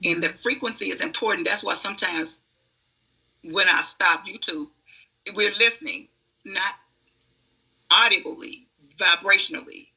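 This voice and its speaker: A woman's voice: medium pitch, a little slow, creaky, pauses often, bright, forceful tone, husky, poor audio. A woman who is a guest oracle reader, telling stories in conversational podcast talk, emphatic and acting out the inner voices she describes.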